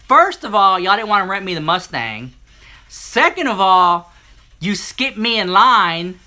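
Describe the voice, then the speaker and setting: A man chatting to a live-stream audience, telling a story in an animated, sassy way and acting out the other people in it. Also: high-pitched, measured pace. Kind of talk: casual storytelling to a live chat.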